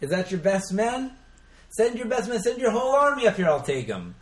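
A man voicing a boastful lone male warrior on a hill, with a put-on heavy accent and a loud, brash taunting delivery. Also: sits high, very animated, fairly quick, reverberant, pitched above the performer's own voice.

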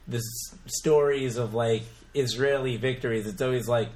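A young man casually retelling family jokes, telling stories relaxed with fillers. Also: medium pitch, moderate pace. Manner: relaxed storytelling with fillers and laughs. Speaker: joke teller. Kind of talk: casual chat.

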